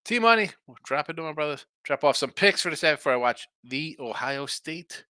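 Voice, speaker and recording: A man's voice: on the high side, lively intonation, a little fast, pushed and bright, smooth, no room sound. A man hosting a sports betting show in a rambling, casual way, reading out viewer messages and answering them. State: tired, yawning. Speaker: sports betting podcast host. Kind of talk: casual live-stream chat.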